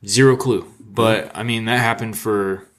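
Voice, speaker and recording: A man's voice: fairly low pitch, steady tone, a little slow, a bit bright. A man on a casual podcast, talking in a loose, rambling way with filler phrases and casual swearing. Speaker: podcast co-host.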